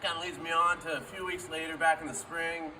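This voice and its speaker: A man's voice: fairly high pitch, a little fast. A man speaking as a friend at a memorial, telling an informal story and acting out the quoted dialogue. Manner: acts out quoted dialogue with lively shifts. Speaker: friend giving a memorial speech. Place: memorial gathering. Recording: distant mic with faint background noise.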